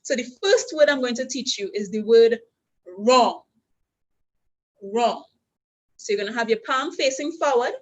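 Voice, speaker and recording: Higher-pitched Trinidadian woman teaching signs. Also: normal speed, darkish tone, poor audio. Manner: patient, step-by-step instructional. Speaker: sign language instructor. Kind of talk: teaching a class. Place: university orientation session.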